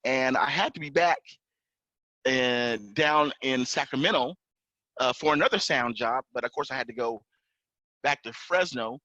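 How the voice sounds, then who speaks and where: At a measured pace with long pauses, a mid-range-voiced pilot and entrepreneur shares a personal story in casual chat as a podcast guest. He gets animated acting out the officers' lines, raising his voice for them. The recording is dry, dull and lo-fi.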